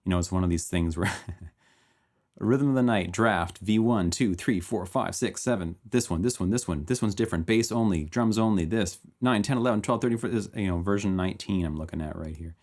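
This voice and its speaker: Low-voiced man rambling about his music. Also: fast talker, hardly any pauses. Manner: rambling and animated, chuckling between thoughts. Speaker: composer and music teacher. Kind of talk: casual talk about his own music.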